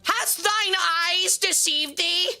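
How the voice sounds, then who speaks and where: Woman putting on a pompous olde-speech fry demander. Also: very high-pitched, takes it slowly, sharp tone, soft background music, voice pushed up, exaggerated voice. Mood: indignant. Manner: mock-archaic, theatrical.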